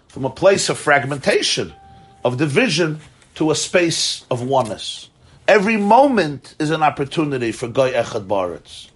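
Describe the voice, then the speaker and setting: A man's voice: a little high, fairly bright tone, breathy edge. A man teaching a Torah class, explaining ideas animatedly, chuckling often and mixing in Hebrew terms.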